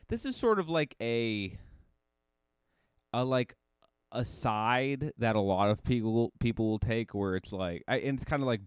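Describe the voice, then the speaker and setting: A man hosting a casual solo podcast, telling a rambling story full of restarts and sudden rises in pitch. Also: clean tone, no room sound. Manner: rambling, self-correcting storyteller with lively jumps in pitch. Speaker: podcast host.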